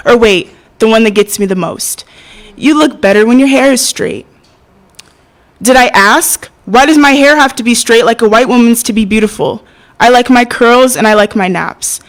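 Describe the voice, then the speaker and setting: A young woman performing spoken word poetry at an open mic, hesitant and soft-spoken between poems, passionate when she recites. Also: on the high side, poor audio. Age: young adult.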